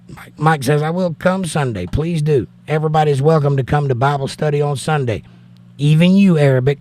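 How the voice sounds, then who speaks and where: A man's voice: mid-range voice, a little mellow. Georgia-accented man reading livestream chat. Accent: Southern US, Georgia. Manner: reads chat aloud, argues scripture plainly and bluntly.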